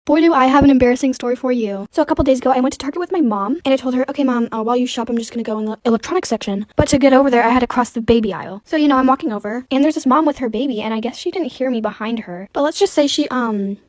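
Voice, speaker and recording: A woman with a fairly high voice rattles through a funny story at speed, chatty and confiding. The sound is dry and close, with no room around it. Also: rapid-fire, hardly any pauses, darkish tone, no room sound. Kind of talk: comedic storytelling to camera.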